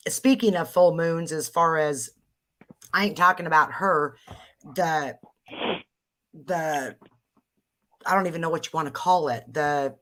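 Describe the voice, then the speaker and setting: Chatty low-voiced woman host. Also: a bit bright. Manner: chatty, exclaiming, trailing off. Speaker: livestream host. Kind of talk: casual livestream chat.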